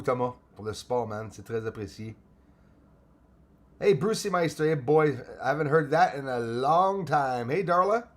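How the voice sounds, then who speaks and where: A middle-aged man from Canada hosting a casual live stream, greeting viewers by name and sometimes switching into French. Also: on the high side.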